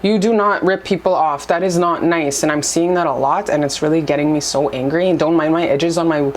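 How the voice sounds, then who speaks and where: A woman's voice: deep voice, fairly even intonation, a little fast, a little hiss or hum. A young woman giving casual spiritual advice to her camera at home, blunt and profane, and heated in bursts. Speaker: spiritual vlogger.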